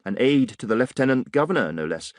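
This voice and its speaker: A man's voice: mid-range voice, very animated, fast talker, no echo, studio quality, lightly acted. A man voicing a pompous, condescending colonial police officer in an audiobook, with a drawling, superior manner. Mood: sneering.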